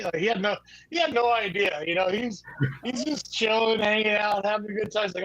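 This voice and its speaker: Man, teasing buddy tone, high voice. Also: steady tone, brisk, a bit bright, low-quality recording. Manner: teasing, jokey. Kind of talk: casual chat.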